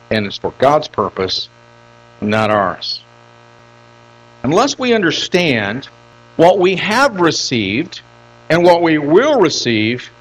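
Older man, pastor's sermon voice, animated pitch, repeats lines for emphasis. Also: rough recording. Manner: emphatic, repeats phrases for stress.

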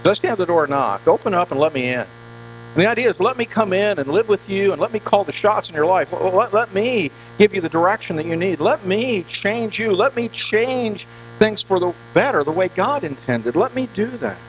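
A pastor preaching a conversational sermon in a church, often repeating words and asking the congregation questions. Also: male voice, high-pitched, lively intonation, normal speed. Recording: dull lo-fi recording with mains hum.

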